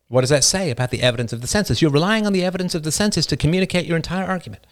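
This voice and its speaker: A middle-aged man hosting a live call-in philosophy show, talking with passion and emphasis, his voice a little rough. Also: a little high, very fast, hardly any pauses. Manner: passionate and emphatic, reads chat messages aloud. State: slightly rough voice.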